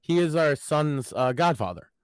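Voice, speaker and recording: A man's voice: a little high, lively intonation, moderate pace, a crowd in the background, low-quality recording. A man filling in as podcast host, talking in a casual, profane, mocking way about politics.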